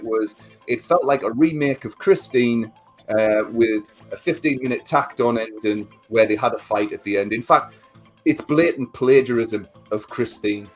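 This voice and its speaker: A man in casual chat, ranting and swearing as he reviews a film he hated. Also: medium pitch. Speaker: podcast co-host.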